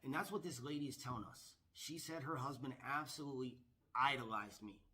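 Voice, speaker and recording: A man's voice: mid-range voice, brisk, heavy background noise. A man, a professional gambler, telling a story to camera in an eager, boastful, repetitive way.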